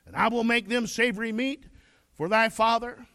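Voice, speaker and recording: A man's voice: very high-pitched, moderate pace, bright, forceful tone, no room sound, clean studio sound, full character voice. A man reading the lines of a scheming biblical mother in a sermon. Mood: urging. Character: mother scheming for her younger son.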